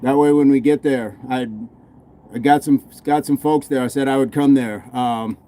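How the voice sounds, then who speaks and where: A man's voice: medium pitch, fairly even intonation, normal speed, warm tone. An American man hosting a fitness livestream, casually reading and answering viewer comments between workout sets. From United States. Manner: laid-back, answers chat questions while working out.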